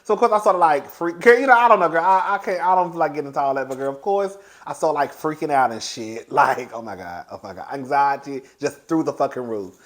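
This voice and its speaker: A young man chats through a casual storytime, animated and talkative, often calling his listener "girl". His voice is bright and sits a little high, and it keeps the loose, gossipy feel of a vlog. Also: fast talker, few pauses. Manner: animated and chatty, calls listeners "girl", swings into high excited bursts. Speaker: vlogger telling a story.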